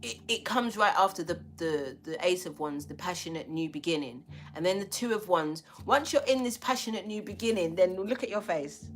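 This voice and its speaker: A woman's voice: lowish voice, lively intonation, normal speed, hardly any pauses, slight background noise. A woman giving a spiritual tarot reading, talking bluntly and emphatically with a lot of swearing. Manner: blunt, profane, emphatic preaching.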